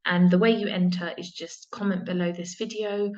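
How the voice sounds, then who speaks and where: Earnest low-voiced woman mentor, lo-fi. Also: little pitch movement, moderate pace. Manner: earnest, repetitive, with false starts and soft breathy emphasis. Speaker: spiritual mentor. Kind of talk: earnest inspirational talk to viewers.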